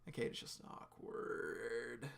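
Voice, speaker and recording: A man's voice: medium pitch, fairly even intonation, slow pace, creaky, a bit bright, a little hiss or hum. A young man hosting a live stream, casually narrating webcomic panels aloud with lots of fillers.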